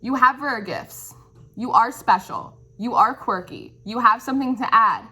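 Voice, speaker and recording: A woman gives a tarot reading in a searching, musing way and keeps checking in with her listener. Her voice sits a little high and rings bright and forceful. She sounds encouraging and affirming. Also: very animated, measured pace, slightly rough. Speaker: tarot reader.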